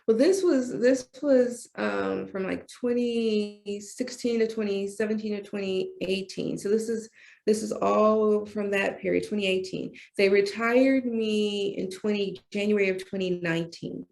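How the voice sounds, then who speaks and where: Gravelly-voiced woman telling her story. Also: medium pitch, a little slow. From United States. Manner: animated, acts out dialogue in other voices. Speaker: interview guest, retired doctor and poet. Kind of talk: emotional conversational storytelling.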